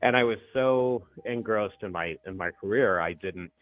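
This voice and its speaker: A middle-aged man calling in to a talk show, telling a story in a chatty, animated way and laughing easily. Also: on the low side, normal speed, soft background music. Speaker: caller. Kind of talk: casual phone call-in chat. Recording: tinny phone line.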